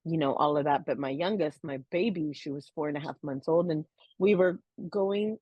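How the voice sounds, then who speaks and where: A woman with a notably low voice tells a personal story as a podcast co-host, earnest and heartfelt, her speech full of "you know"s and small pauses. The recording is dry and close, with a slightly dull, muffled tone. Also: breathy edge, no echo. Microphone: podcast microphone.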